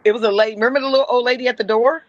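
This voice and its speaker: A woman's voice: steady tone, rapid-fire, dry recording, highs cut off. A woman from Compton, California, a comedian telling blunt, profane stories as a podcast guest. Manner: blunt, profane, jumps high and loud when acting out quotes. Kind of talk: casual storytelling on a podcast.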